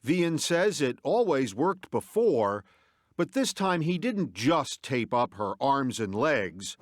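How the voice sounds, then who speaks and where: A man narrating a true-crime report as a TV news correspondent, with a measured, deliberate delivery. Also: mid-range voice, big pitch swings, no room sound, studio quality.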